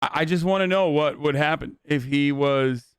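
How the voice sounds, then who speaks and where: A man's voice: a little high, moderate pace, smooth, no echo, clean studio sound. A man streaming live on a desk microphone, reacting to a video with blunt, profane, exasperated commentary.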